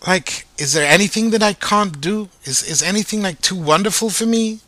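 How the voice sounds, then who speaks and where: A man teaching Torah in a lively way, asking his listeners rhetorical questions. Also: sits high, moderate pace, dry recording. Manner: animated, asks rhetorical questions.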